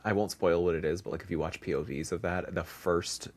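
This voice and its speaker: A man's voice: low-pitched, steady tone, brisk, a little mellow. A man co-hosting a casual podcast chat, talking in a rambling way with many restarts and fillers. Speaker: podcast co-host.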